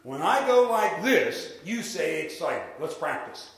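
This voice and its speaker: A man giving a live sales seminar, lively and drilling the audience in call-and-response. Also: a little high, a little slow, creaky, hardly any pauses. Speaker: real estate sales trainer. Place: large room with an audience. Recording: echoey hall with faint noise.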